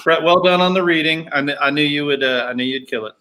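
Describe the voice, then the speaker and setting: A man's voice: on the high side, quick pace, pushed and bright. A man co-hosting a live podcast, playful and teasing. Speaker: podcast co-host.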